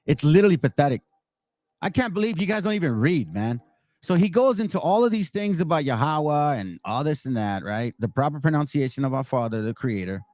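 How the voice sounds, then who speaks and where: A man's voice: on the high side, sing-song, fairly quick, darkish tone, no echo. A man giving casual reaction commentary, blunt and mocking, swearing freely. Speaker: online commentator.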